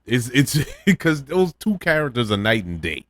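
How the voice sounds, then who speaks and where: A man's voice: medium pitch, very animated, normal speed, fairly bright tone, no echo, studio quality. A man hosting a casual spoken film review, opinionated, who chuckles often and repeats words as he thinks. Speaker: podcast host reviewing films.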